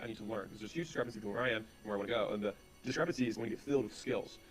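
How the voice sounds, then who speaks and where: Guy talking super fast, story after story, acts out both sides of the chat, faint music under it. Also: mid-range voice. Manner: rapid, animated retelling with quoted dialogue. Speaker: business speaker. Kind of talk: storytelling advice talk.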